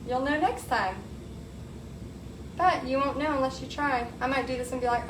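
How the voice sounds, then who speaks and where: A woman's voice: high-pitched, moderate pace, pauses often. A woman hosting a live painting tutorial, upbeat and chatty, talking to her viewers as she works. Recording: echoey room, faint background noise.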